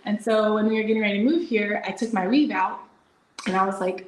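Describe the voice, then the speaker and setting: A young adult woman telling her story in a casual interview, chatty and animated, with frequent fillers. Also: mid-range voice, a little fast, slight background noise. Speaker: interview guest, entrepreneur. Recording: echoey room.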